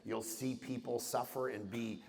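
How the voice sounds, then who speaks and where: A middle-aged man from Canada giving an animated talk to an audience, acting out voices in his stories. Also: mid-range voice, measured pace, gravelly. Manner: animated storytelling with acted-out voices and jokes. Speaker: conference speaker. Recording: reverberant hall sound.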